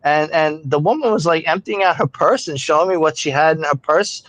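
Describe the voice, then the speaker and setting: A man in a casual chat, laid-back and chuckling, talking in halting starts. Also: on the high side, fairly bright tone, no room sound.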